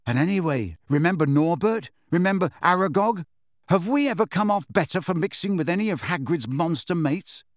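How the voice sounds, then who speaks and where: An excitable, easily rattled teenage schoolboy, as a male audiobook reader puts him on. His voice leaps upward whenever he is indignant or surprised. The recording is close and dry. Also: high voice, moderate pace, no echo, voice pushed up.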